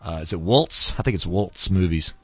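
A man's voice: deep voice, expressive, normal speed, fairly bright tone, slightly rough, no room sound. A man, a student, casually retelling a film with lots of fillers, in a dull, lo-fi recording with faint music. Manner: rambling, many fillers.

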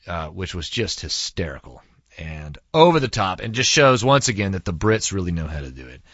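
Podcast host, man from Texas, chatty and rambling, low-pitched, dry studio sound. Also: fairly bright tone, husky, dry recording, lo-fi sound. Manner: chatty and rambling, many fillers. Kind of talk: casual podcast monologue. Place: recording studio.

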